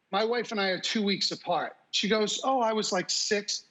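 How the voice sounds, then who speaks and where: A man's voice: high-pitched, normal speed, low-quality recording. A middle-aged man, a talk show guest, telling a story with animation and acting out what people said. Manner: animated, acts out quotes.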